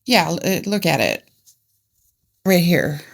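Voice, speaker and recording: A woman's voice: lowish voice, big pitch swings, a little slow, vocal fry. A woman from Ohio co-hosting a casual true crime podcast, laughing at her own mix-ups and then reading the case notes plainly. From Ohio, United States. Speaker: podcast co-host.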